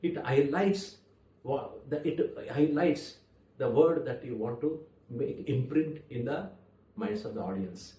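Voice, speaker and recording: A man teaching public speaking, talking in measured phrases with deliberate pauses and stressed words. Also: medium pitch, warm tone. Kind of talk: spoken lesson to camera. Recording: echoey room, voice a little far from the mic.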